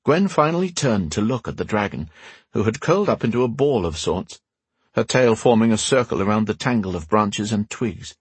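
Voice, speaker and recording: This is scripted narration of a fantasy tale by a male audiobook narrator with a husky voice and widely shifting pitch. He reads in a measured, expressive way, captured in dry, close audio without any room sound.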